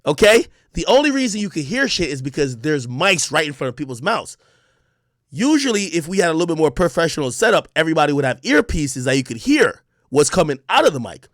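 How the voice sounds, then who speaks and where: A man tells a story to his stream viewers in a high, animated voice that leaps up and down in pitch. He curses freely and bursts into shouts when he reenacts moments. The sound is dry and close to the mic. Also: fairly quick, no echo.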